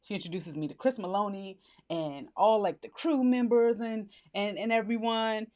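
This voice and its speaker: A young woman telling a story in a casual, animated vlog, blunt and slangy, laughing as she goes and jumping up high when she acts out what people said. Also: normal speed. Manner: animated, acts out quotes in a higher voice.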